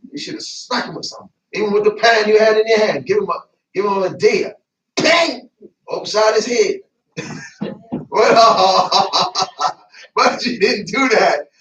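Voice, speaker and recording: A man preaching a sermon in a church, lively and colloquial, laughing and breaking into asides. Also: high voice, muffled recording, a little hiss or hum. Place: church sanctuary. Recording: echoey church, mic at a distance.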